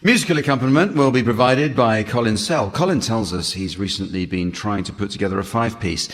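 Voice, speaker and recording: Deadpan man chairing a show. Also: fairly low pitch, fairly quick. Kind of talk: dry scripted hosting. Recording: long hall reverb with loud music.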